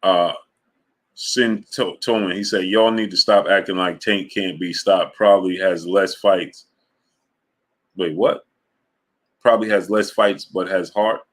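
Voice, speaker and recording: A man running a live boxing talk stream with a bright, forceful voice. He keeps greeting viewers by name between points and pushes his pitch up when he argues a case. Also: fairly even intonation, unhurried, pauses often. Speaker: boxing talk show host. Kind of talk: live-stream chat reading super chats.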